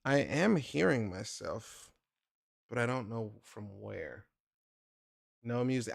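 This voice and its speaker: A man's voice: mid-range voice, animated, slow, creaky, long pauses. A man streaming his digital drawing, chatting casually and joking with his viewers. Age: adult with a son. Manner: chatty, joking, talks to chat directly. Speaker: digital art livestreamer. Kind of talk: casual livestream chat while drawing.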